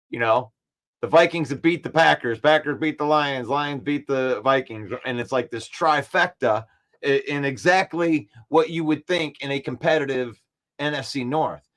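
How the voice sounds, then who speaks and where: A man hosting a daily sports talk show, excitable and trash-talking, repeating himself as he builds his case. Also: mid-range voice, measured pace.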